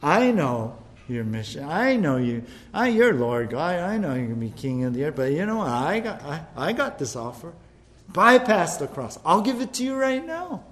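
A sly male devil whispers his bargains in a low, wheedling hush, played by a man. The voice sits higher than most men's, and the tone stays coaxing and sneaky. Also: big pitch swings, normal speed.

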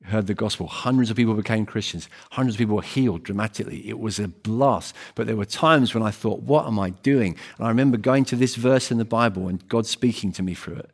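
A man's voice: fairly low pitch, fast talker, hardly any pauses, breathy edge. A man preaching a sermon in an earnest, emphatic way, often repeating phrases and restarting words.

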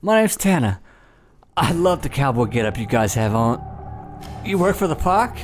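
A man voicing an excitable, eccentric man in his early thirties, his put-on accent wobbling as he goes. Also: medium pitch, moderate pace, a little hiss or hum, natural voice. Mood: amazed.

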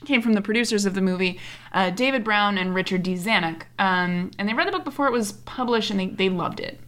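Bright young woman in her 20s, podcast cohost, retelling a movie all animated and sweary. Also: mid-range voice, fairly quick. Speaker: podcast co-host. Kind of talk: casual movie recap chat.

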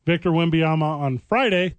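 A man with a Boston accent co-hosting a sports radio show, talking in wry, joking banter with quick asides. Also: on the high side, no room sound. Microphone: studio microphone.

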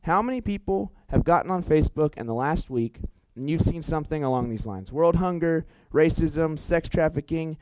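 A young man giving a storytelling sermon in an animated, chatty way, full of fillers and self-corrections. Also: fairly high pitch, moderate pace, few pauses, no room sound, low-quality recording. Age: young adult. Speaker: youth preacher.

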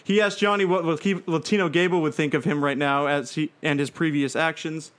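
A man's voice: a little high, steady tone, a little fast, a bit bright, clean tone. A man narrating a made-up wrestling show play by play, rambling with fillers and restarts. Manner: rambling, frequent fillers and restarts, breaks into laughter.

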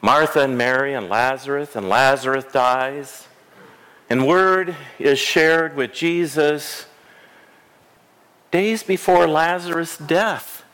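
Slow, storytelling pastor. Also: male voice, on the high side, fairly bright tone, clean tone. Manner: slow, storytelling preaching with dramatic pauses. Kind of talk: sermon. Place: church sanctuary.

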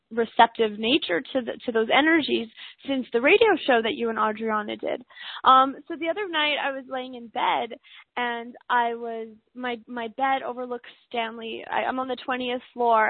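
A woman hosting a radio talk show, speaking casually with a slightly hoarse, deep yet squeaky voice and lots of fillers and restarts. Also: no room sound. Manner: rambling, many fillers and restarts. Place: home in a city high-rise. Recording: phone-like narrow line.

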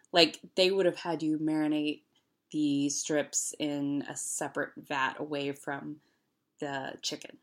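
Low-voiced wry woman in her late thirties. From Houston, United States. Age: late 30s. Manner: wry, self-mocking, lots of ums and likes. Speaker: podcast host. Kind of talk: casual chat.

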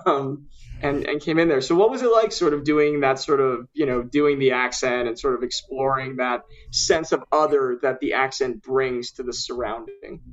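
A man's voice: medium pitch, moderate pace, highs cut off. A man, the writer, interviewing actors in a casual podcast and asking thoughtful, hedging questions.

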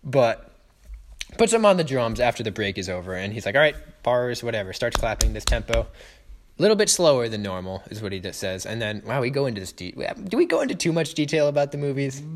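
A man's voice: medium pitch, fast, slight background noise. A young man co-hosting a casual podcast, recapping a film scene by scene and acting out the characters' lines. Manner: animated, quoting scenes in acted voices. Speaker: podcast co-host.

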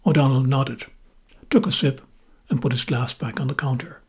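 Very husky Irish man telling stories. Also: mid-range voice, moderate pace, a little mellow. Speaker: podcast host and storyteller. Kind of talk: storytelling podcast narration.

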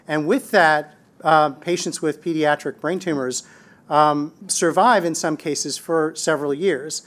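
A man, a brain tumor researcher, talking in an interview with frequent pauses. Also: on the high side, fairly even intonation, fairly bright tone. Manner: conversational, many "um" pauses. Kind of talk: interview answer.

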